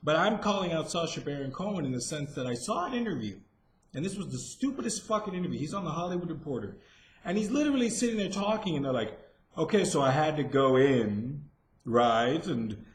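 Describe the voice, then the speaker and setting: A man's voice: high voice, very animated, quick pace. A man giving a rambling, profane commentary rant, full of fillers and restarts. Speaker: vlogger. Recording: roomy echo.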